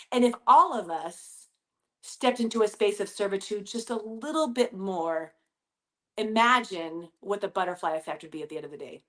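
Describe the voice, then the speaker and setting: A woman's voice: medium pitch, animated, normal speed. A woman, hosting a casual motivational talk from her home basement in an upbeat, chatty way. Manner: upbeat, chatty, addresses listeners as you guys. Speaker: podcast host.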